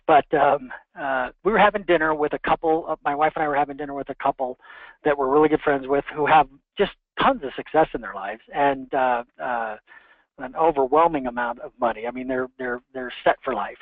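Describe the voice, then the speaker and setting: A man's voice: mid-range voice, no echo. Man telling a story over a tinny phone line. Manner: rambling and heartfelt, many restarts. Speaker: mortgage professional on a coaching call. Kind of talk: personal story on a group call.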